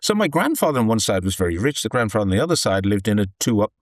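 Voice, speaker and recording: A man's voice: lowish voice, very animated, racing, no echo, clean studio sound. A man from the UK, explaining his views in a rambling, earnest conversational way with frequent restarts. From United Kingdom. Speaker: commentator living in China. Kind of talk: conversational discussion.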